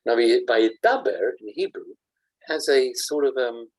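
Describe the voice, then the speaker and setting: A man, a rabbi giving a Torah class, animated and jokey, acting out examples as he explains. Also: mid-range voice, measured pace, low-quality recording.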